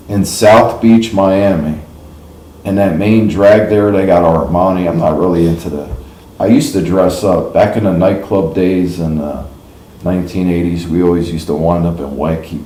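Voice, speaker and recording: A mellow, low-sitting male voice comes through a roomy echo with a little hiss or hum. The speaker, a middle-aged livestream host from the New York / New Jersey area, tells rambling, casual stories, chatty and folksy, laughing at his own anecdotes.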